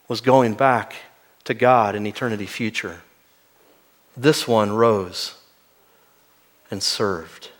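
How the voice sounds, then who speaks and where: A male pastor preaching an expository sermon. He often drops to a quiet, weighty voice for key lines. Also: mid-range voice.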